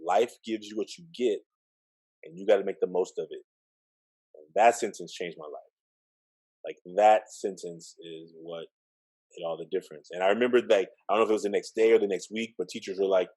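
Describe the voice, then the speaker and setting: A middle-aged man telling his life story in a relaxed interview, acting out the voices of the people he quotes. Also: sits low, a little fast, breathy edge, low-quality recording. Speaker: interview guest, educator. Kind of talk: storytelling in conversation.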